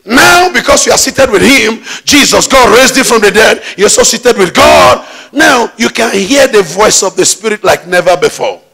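A man's voice: high-pitched, expressive, normal speed, gravelly, few pauses, bright, forceful tone, slightly rough. A man preaching a sermon in a church, emphatic, with call-and-response questions. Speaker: pastor.

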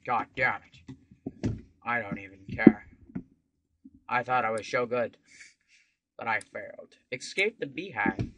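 A man giving casual, profane game commentary, swinging into sudden loud outbursts. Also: mid-range voice, slow, pauses often. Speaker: gameplay commentator.

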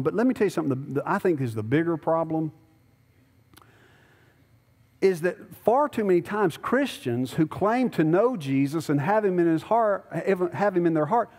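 A man preaches from the pulpit, moving from easy conversational explanation to urgent, emphatic pleading. His voice sits fairly high for a man. The sanctuary around him rings with a long reverb. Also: expressive, normal speed, darkish tone. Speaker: pastor. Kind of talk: sermon. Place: church sanctuary.

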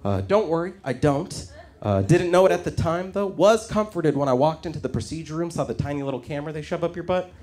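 A man in his twenties performing a stand-up comedy set on stage, delivering deadpan, self-deprecating punchlines. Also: on the high side, quick pace. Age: 20s. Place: comedy stage before a live audience. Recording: live stage with loud audience laughter.

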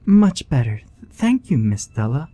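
A man voicing a frightened, bloodied little girl who speaks in a soft, strangled, pleading way in a horror story reading. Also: medium pitch, sing-song, a little slow, pitched above the performer's own voice. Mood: delicate.

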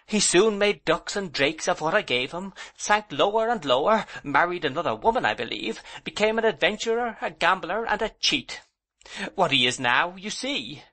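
Man voicing indignant older aunt, raised pitch. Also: lively intonation, moderate pace, sharp tone, exaggerated voice. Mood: rueful. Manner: emotional, reproachful, then composed and rueful. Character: proud, indignant older aunt, fiercely hurt. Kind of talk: audiobook character voice.

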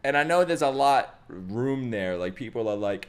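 Excitable swearing man reacting to anime. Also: mid-range voice, normal speed, hardly any pauses, clear, resonant tone. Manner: excitable, swears freely, cheers at fights. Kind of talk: casual reaction commentary.

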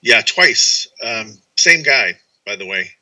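A priest, guest in an interview, telling a story in an animated way and acting out what others said. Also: male voice, mid-range voice, slow. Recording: muffled lo-fi audio.

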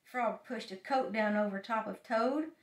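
An older woman, a grandmother, reading a storybook aloud to a child in a lively, animated way. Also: a little high, a little slow. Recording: roomy echo, mic at a distance.

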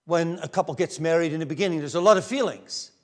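A man preaching a sermon as pastor, earnest, moving between raised emphasis and hushed near-whispers. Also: a little high, fast. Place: church pulpit.

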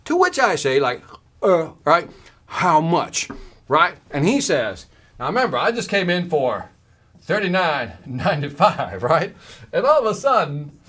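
A man's voice: fairly high pitch, sing-song, normal speed, fairly bright tone, breathy edge. A man giving a workshop talk as a sales trainer, telling a story and acting out both sides of the conversation, checking in often with "right?".

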